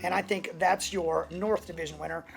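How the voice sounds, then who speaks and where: Deadpan joking betting co-host. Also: medium pitch, moderate pace, creaky, soft background music. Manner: deadpan joking, crude asides. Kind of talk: comedic sports picks banter.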